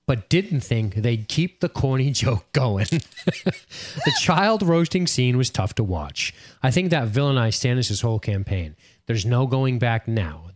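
A man co-hosting a casual podcast, reading listener comments and joking with loose, profane banter. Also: mid-range voice. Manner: laid-back, swears casually, chuckles. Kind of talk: casual chat.

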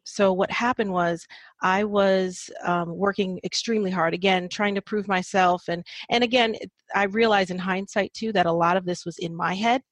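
A woman's voice: mid-range voice, steady tone, normal speed, dry recording. A woman in her thirties, a podcast guest, telling her personal story reflectively with frequent fillers and small laughs.

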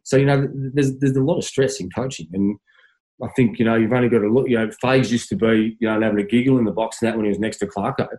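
A man's voice: mid-range voice, steady tone, quick pace, darkish tone, poor audio. An Australian man, a former footballer, telling stories in a casual interview, stumbling over restarts and laughing as he goes.

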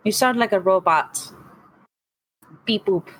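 A woman's voice: medium pitch, slow, poor audio. A woman voicing a frank, caring female vampire who speaks bluntly and stammers when upset. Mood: confrontational.

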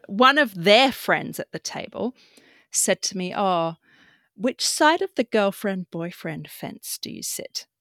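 A woman's voice: mid-range voice, gravelly, fairly bright tone, no echo. Guest: young woman, candid storyteller, mid-range voice, dry close mic. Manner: emotional, frank, swears casually. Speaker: podcast guest.

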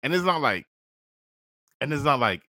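A man's voice: medium pitch, sing-song, moderate pace, bright, forceful tone, no echo. A man hosting a podcast, telling a personal story in casual, slangy talk, laughing often and calling the listener "bro". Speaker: podcast host.

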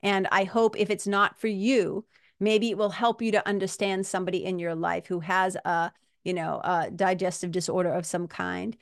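A woman's voice: on the low side, fairly even intonation, moderate pace, vocal fry, dry recording, studio quality. A woman hosting a solo podcast as a hypnotist, talking straight to her listeners in an upbeat, effusive way and often repeating her phrases. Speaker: podcast host and IBS hypnotist.

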